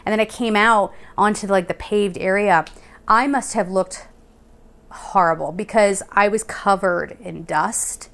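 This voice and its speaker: A young adult woman vlogging, telling a rambling personal story in a chatty, animated way and laughing now and then. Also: medium pitch, a little slow. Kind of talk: casual storytelling. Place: Colorado Springs.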